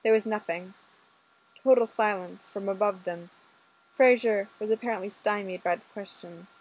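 A woman reading fan fiction aloud in a casual, expressive storytelling manner. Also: mid-range voice, moderate pace, rough recording. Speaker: audiobook reader.

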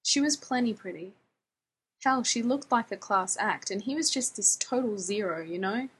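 A woman's voice: medium pitch, expressive, normal speed, a bit bright, husky. A woman reading the lines of an earnest, sheepish young man who rambles in casual slang.

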